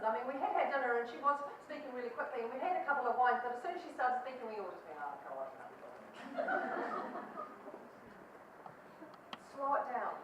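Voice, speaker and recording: Kiwi lady coaching a crowd, bit high voice, lively and jokey, far off in a big echoey hall. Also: noisy background. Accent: New Zealand. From New Zealand. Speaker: public speaking coach. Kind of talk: talk to an audience. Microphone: distant mic.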